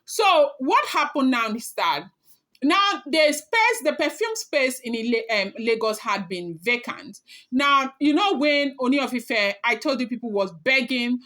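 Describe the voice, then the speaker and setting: A woman's voice: high-pitched, lively intonation, measured pace, sharp tone. A woman talking casually as a celebrity gossip blogger, chatty and emphatic, speaking straight to her viewers.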